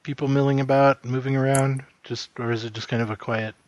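A man's voice: medium pitch, steady tone, a little fast, darkish tone, no room sound. A man plays his character in a tabletop game. He speaks with formal, genteel politeness in a mid-range voice. The sound is dry and close. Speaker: player.

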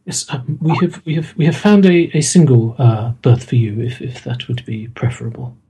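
A man voicing a polite train porter in a tabletop game, speaking softly and formally. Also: medium pitch, expressive, moderate pace, husky. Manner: hesitant, formal.

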